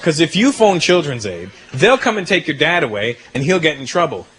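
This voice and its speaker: A man performing stand-up comedy on stage, telling an animated story and acting out characters. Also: fairly high pitch, fairly quick, slight background noise. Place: comedy stage before a large audience. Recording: loud audience laughter.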